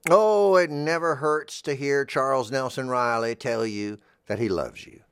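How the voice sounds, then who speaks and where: A man hosting a freeform radio show from a studio, rambling gently in a musing monologue. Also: mid-range voice, unhurried, over music. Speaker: radio host.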